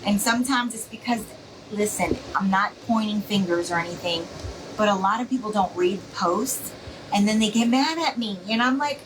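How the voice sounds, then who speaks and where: A chatty woman talks casually to viewers on a live stream, rambling and reassuring. Her voice sits a bit high and comes from slightly away from the mic, with a faint hum of room noise behind her. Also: animated, normal speed, a bit bright, distant mic, rough recording. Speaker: craft seller hosting a live stream.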